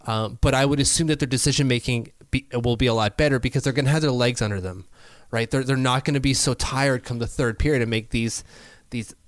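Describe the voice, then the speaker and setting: A man talks hockey in a loose, chatty way, laughing easily and stopping to correct himself. His voice sits at an everyday middle pitch. The recording is dry, with no room sound. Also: fairly even intonation, a little fast, dry recording. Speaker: podcast co-host. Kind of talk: casual hockey chat.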